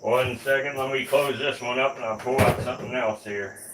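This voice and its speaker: A man's voice: mid-range voice, fairly even intonation, moderate pace, very noisy. A young man hosting a reptile livestream, chatting casually, swearing and cooing at his snakes. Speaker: reptile keeper and livestream host.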